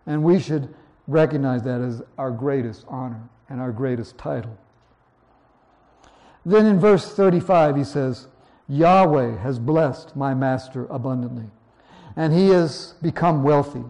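A man preaching verse by verse, reading scripture slowly and then explaining it in a conversational way. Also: mid-range voice, mellow. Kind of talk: verse-by-verse Bible teaching.

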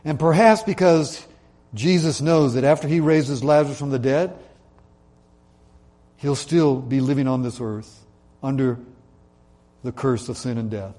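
A man preaching a sermon in an earnest way, slowing down and dropping his voice to stress key points. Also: medium pitch, mellow. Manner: earnest, slows and drops his voice for emphasis. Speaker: pastor.

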